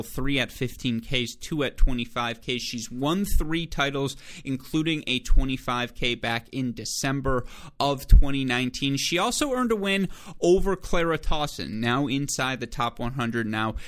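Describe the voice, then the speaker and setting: A man from Michigan talks through his tennis betting picks, full of numbers and odds. He speaks with bursts of energy and corrects himself often as he goes. His voice sits at an ordinary middle pitch for a man. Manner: energetic, stat-heavy, self-correcting delivery. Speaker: sports betting host.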